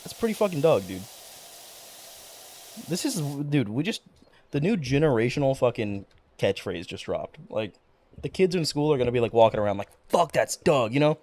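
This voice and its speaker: A man's voice: medium pitch, normal speed, long pauses. A young man chatting casually on a livestream, rambling, cursing freely and getting worked up as he talks. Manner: rambling, profane, excitable. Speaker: streamer.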